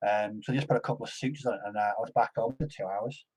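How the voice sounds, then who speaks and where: A man chatting on a podcast, hesitant and filling pauses with ums. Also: on the low side, a little mellow, breathy edge, rough recording. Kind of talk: casual chat.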